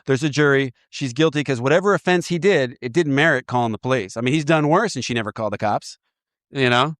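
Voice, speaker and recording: A man sponsoring in a recovery program, walking a listener through an inventory in a lively, joking way with frequent laughter. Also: mid-range voice, fast, dry recording, studio quality. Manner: animated, laughs often, acts out voices. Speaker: AA sponsor guiding a step inventory. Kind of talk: casual teaching talk.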